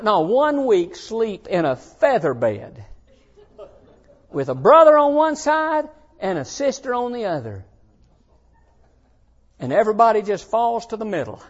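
High-pitched, animated folksy preacher man. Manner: folksy preaching, swings from shouting to hushed asides. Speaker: pastor. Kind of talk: sermon to young people. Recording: dull lo-fi sound.

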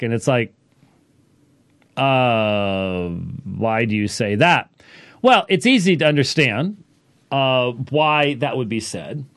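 A man teaching on a Bible passage in a casual, halting way, full of fillers and restarts. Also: mid-range voice, no echo. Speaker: pastor.

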